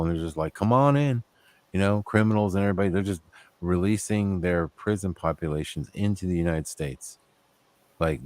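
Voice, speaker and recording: A man's voice: rumbling low, a little mellow, no echo. A man hosting a casual talk show, rambling and opinionated, growing heated at times. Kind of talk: casual chat.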